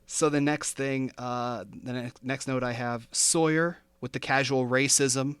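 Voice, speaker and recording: A man's voice: medium pitch, steady tone, unhurried, a bit bright, clean tone, no echo. A man hosting a podcast, chatting casually and working through his notes with fillers and easy laughter. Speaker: podcast host. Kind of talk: casual chat.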